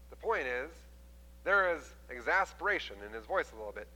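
A man preaching a sermon as a pastor, telling the story with animated delivery and acting out the quoted voices. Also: mid-range voice, fairly quick, in a large hall, lo-fi sound.

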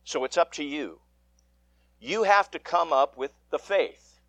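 A man reading the gospel aloud and preaching a sermon in church, measured and with dramatic emphasis. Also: fairly high pitch, lively intonation, a bit bright, no echo, highs cut off. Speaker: pastor.

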